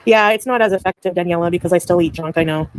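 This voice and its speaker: A woman's voice: on the low side, no echo, poor audio. A woman chatting on her livestream, giggling and answering viewers by name. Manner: giggly, rambling, answers chat names. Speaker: livestreamer reading chat. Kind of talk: casual livestream chat.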